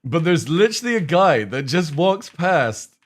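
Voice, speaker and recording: A man's voice: fairly high pitch, sing-song, moderate pace. Chatty English man streaming a game. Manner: rambling, chatty, swears freely, talks to chat. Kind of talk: casual live-stream chat.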